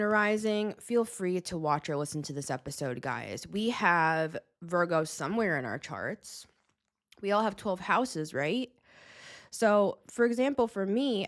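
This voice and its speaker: A woman hosting a casual tarot reading vlog, rambling and agitated, swearing and laughing as she talks. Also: on the low side. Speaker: tarot reader, show host.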